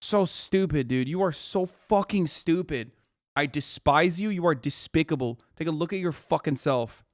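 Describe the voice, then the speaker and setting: Profane ranting man, slightly high voice. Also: moderate pace, no echo, clean studio sound. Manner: profane, heated ranting at chat. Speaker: streamer. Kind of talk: livestream reaction commentary.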